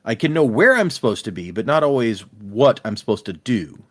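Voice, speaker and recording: Male reader doing a sardonic ageless trickster, mid-pitched, quip-heavy, lightly played. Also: sing-song, a little fast. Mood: wry. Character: ancient sardonic male jester, endlessly witty.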